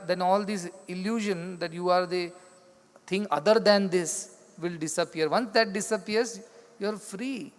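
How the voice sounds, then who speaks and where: A man giving a spiritual discourse, explaining in simple repeated phrases and acting out the dialogue of his stories. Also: on the high side. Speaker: spiritual teacher. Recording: long hall reverb.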